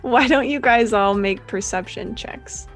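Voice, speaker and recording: A woman running a tabletop game as game master, narrating in a relaxed way with many fillers. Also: a little high, a little slow, faint music behind, rough recording.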